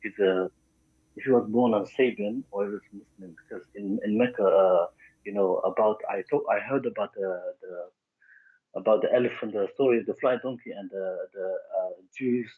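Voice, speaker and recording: Hesitant husky male caller on a phone line. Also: lowish voice. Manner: hesitant, halting, many fillers. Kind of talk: phone call.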